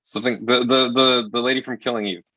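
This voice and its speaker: A man's voice: mid-range voice, steady tone, quick pace, sharp tone, no room sound, dull audio. A man reviewing a film in casual chat, rambling and profane, often exasperated.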